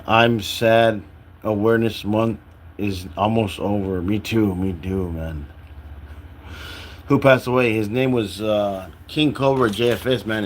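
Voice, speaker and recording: A man's voice: fairly low pitch, slight background noise. A young man chatting casually on a livestream, rambling and tired, filling his talk with "like" and restarts.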